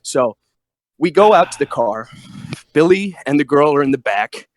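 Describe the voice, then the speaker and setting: A man's voice: a little high, normal speed, no echo. A man on a podcast telling a raunchy anecdote casually, laughing often and acting out what people said. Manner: laughing, animated anecdote telling with acted-out quotes. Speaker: podcast co-host. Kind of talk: casual chat, storytelling.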